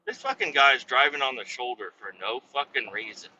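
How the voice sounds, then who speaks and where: A man's voice: mid-range voice, a little fast, sharp tone. A man hosting a podcast, telling a story casually and profanely, acting out everyone he quotes in his own voice. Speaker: podcast host. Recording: slightly dull, faint road noise.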